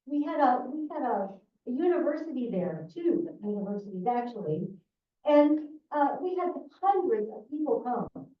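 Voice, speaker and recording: A woman's voice: high voice, sing-song, moderate pace. A retired older woman giving a public comment at a town council meeting, emotional and growing exasperated. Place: council chamber. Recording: tinny, echoey, far from mic.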